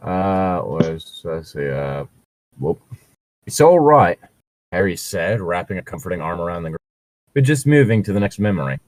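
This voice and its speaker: Man, very low voice, dry close sound, casual chatty co-host reading fanfic. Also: animated, moderate pace, darkish tone, no echo. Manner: casual, chatty, explains at length. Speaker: podcast co-host reading aloud. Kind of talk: comedic fanfic reading with banter.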